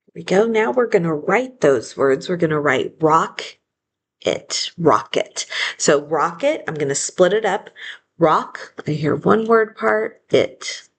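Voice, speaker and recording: A woman teacher giving a phonics lesson, slowly sounding out each word syllable by syllable and modeling the spelling aloud. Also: fairly low pitch, slight background noise. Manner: slow and deliberate, sounding out syllables.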